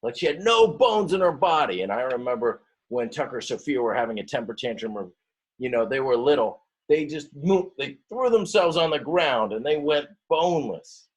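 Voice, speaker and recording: Animated, husky-voiced male teacher. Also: mid-range voice, normal speed. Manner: animated, stretching words and acting out story voices; stops often to explain and talk to the class. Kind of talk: reading a picture book aloud to students.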